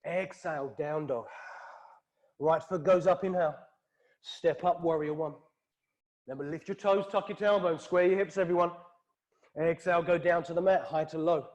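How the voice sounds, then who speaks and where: A man with a British accent teaching a yoga class, calling out poses and breaths in a calm, steady rhythm. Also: fairly high pitch, moderate pace, long pauses. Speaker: yoga instructor. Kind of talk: guided yoga class cues. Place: hot yoga studio.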